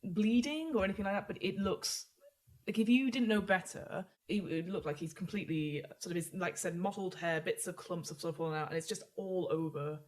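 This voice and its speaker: A woman's voice: on the low side, a little fast. A woman narrating as game master, describing scenes in a chatty, loose way.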